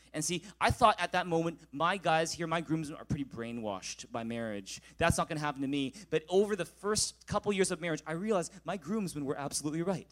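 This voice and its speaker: A man in his thirties preaching a sermon as pastor, leading the congregation in call-and-response and rising loud when reading scripture. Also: on the high side, fast.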